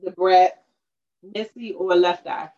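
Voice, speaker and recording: A woman in casual chat over a music quiz, animated and slangy, laughing as she talks. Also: lowish voice, slow. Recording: dull lo-fi sound.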